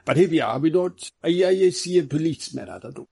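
Reader voicing a dry-humored foreign sleuth, halting broken phrasing, raised pitch, husky. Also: male voice, expressive, mellow, full character voice. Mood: cagey.

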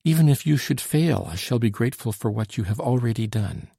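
A man's voice: mid-range voice, a little fast, gravelly, mellow, husky, dry recording, studio quality. A man reading an audiobook, voicing a devoted, anxious young French woman in a raised, pleading voice. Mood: grateful. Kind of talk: audiobook narration.

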